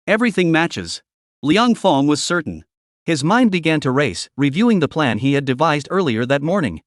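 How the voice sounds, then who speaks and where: A man narrating a recap story in a scripted, lively storytelling manner. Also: a little high, no room sound, clean studio sound.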